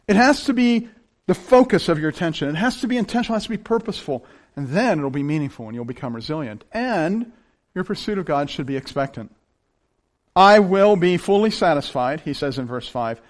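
A man delivering a sermon in a fairly high, very lively voice. He talks in a folksy, down-home way, pushing hard on key words and then dropping almost to a whisper. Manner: animated preaching, swings between loud emphasis and hushed intensity; folksy, uses plain down-home examples. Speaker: pastor.

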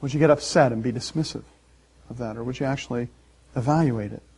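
A man pastor preaching a sermon, animated and emphatic, with dramatic pauses. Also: mid-range voice, slightly rough.

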